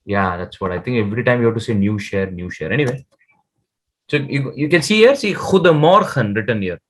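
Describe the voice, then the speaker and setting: A man teaching a beginner Dutch lesson over a video call, patient, and sounding out words very slowly. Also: mid-range voice, animated. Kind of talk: online one-to-one language lesson.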